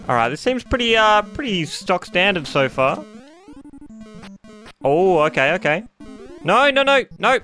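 A man narrates his own video game play in a fast, excitable, jokey stream, often exclaiming to himself. His voice sits a little high and sounds bright and forceful on a close mic. Faint game music plays behind him. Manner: excitable, jokey, talking to himself while playing. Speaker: gaming YouTuber. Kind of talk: let's-play commentary.

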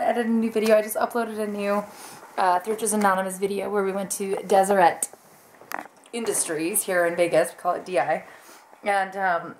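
Young woman, casual home vlog, bubbly rambling talk, camera mic with faint background noise. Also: medium pitch. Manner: bubbly, rambling, talks to her dogs in a baby voice. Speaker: fitness vlogger.

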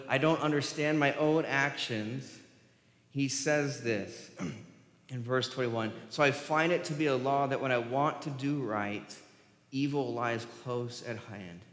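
A man's voice: mid-range voice, fairly bright tone. Male pastor, sermon delivery, impassioned with emphatic swells, church hall reverb. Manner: impassioned, rising to emphatic peaks when quoting scripture. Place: church sanctuary.

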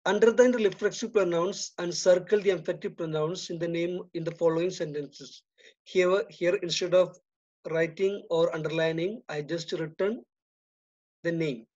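A man with an Indian English accent teaching a grammar lesson, reading each example sentence and then giving the answer more quietly. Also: high voice, fairly even intonation, normal speed. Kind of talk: slow, deliberate grammar lesson. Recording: dull lo-fi recording.

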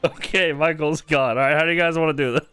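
A young man playing a tabletop game, blunt and deadpan. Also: on the high side, fast talker, clear, resonant tone, soft background music. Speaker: player.

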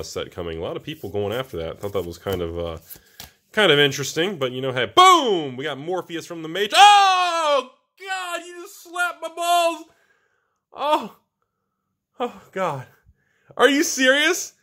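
A man hosting a card box-opening video, talking through each pull with animated, excitable commentary. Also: lowish voice. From United States. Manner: animated, swings from hushed awe to whooping excitement. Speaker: channel host opening card packs.

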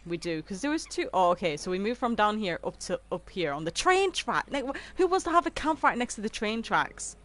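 A woman's voice: medium pitch, big pitch swings, a little fast, hardly any pauses, fairly bright tone. A woman, chatting casually with viewers on a game stream and laughing easily. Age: 20s. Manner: chatty and giggly, reading out and answering chat.

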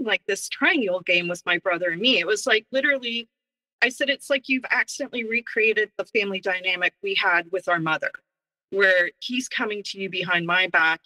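A woman guest in an interview, telling a personal story in a lively way and acting out what others said. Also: medium pitch, poor audio. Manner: animated, acts out quoted dialogue.

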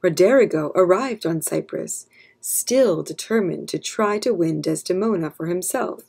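A woman narrating an abridged classic play as a calm, steady read-aloud story for children. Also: on the low side, a little slow, gravelly, slightly rough. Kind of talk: scripted narration.

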